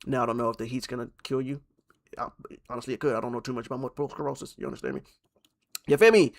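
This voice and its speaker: A young man streaming and reacting to online posts. He swings from loud outbursts to low mutters and restarts his sentences often. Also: fairly even intonation, racing, vocal fry. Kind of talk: live-stream reaction commentary.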